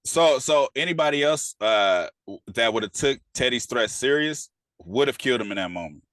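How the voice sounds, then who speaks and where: A man's voice: mid-range voice, expressive, normal speed, a bit bright, no room sound. A man co-hosting a casual TV review podcast, retelling scenes with profane slang and acting out the characters' lines. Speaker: podcast co-host.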